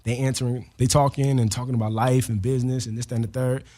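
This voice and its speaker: A rapper telling a story in an interview, animated and full of slang. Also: male voice, medium pitch, fast talker. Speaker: rapper guest.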